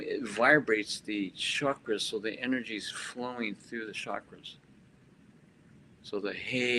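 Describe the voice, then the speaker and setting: Man chanting and teaching, bright voice. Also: mid-range voice, a little hiss or hum, low-quality recording. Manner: chanting mantras, halting with repeated words. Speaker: spiritual teacher. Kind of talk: guided meditation and talk. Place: hotel expo hall.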